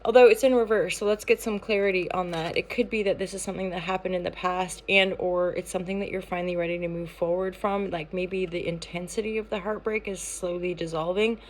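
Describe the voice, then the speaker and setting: A woman's voice: on the low side, fairly even intonation, brisk, few pauses, slight background noise. A woman giving a casual daily tarot reading, talking in a playful, rambling way with many fillers and restarts. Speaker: tarot reader and channel founder.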